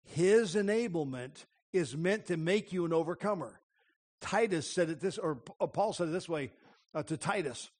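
A middle-aged man preaching a sermon, deliberate and emphatic, repeating phrases for weight. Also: on the high side, lively intonation, darkish tone.

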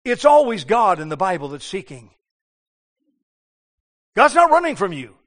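A man preaching a sermon, impassioned, moving between hushed tender passages and loud emphatic ones. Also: high voice, big pitch swings, normal speed. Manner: impassioned, shifting between hushed and loud, acts out biblical voices.

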